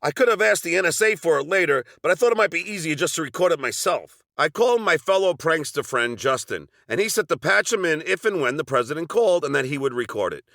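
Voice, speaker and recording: Wry Long Island man, gravelly voice. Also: a little high, lively intonation, fast, few pauses, a bit bright, dry recording, clean studio sound. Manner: wry, sardonic asides. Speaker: narrator. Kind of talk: scripted personal story narration.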